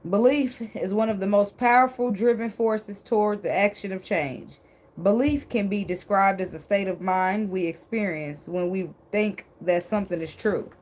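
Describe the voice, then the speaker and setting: A woman's voice: medium pitch, moderate pace, a little mellow. A woman doing a casual tarot reading, chatty and joking, with casual swearing. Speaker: tarot reader.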